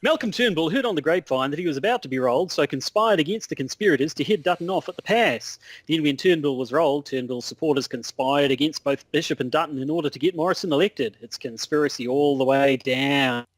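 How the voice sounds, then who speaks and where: A man's voice: a little high, fast, hardly any pauses, no echo, natural voice. A man putting on an Australian accent to play a blustery male news correspondent in a comedic podcast bit. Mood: mock newsy. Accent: put-on Australian. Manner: breaks character, laughs, rambles.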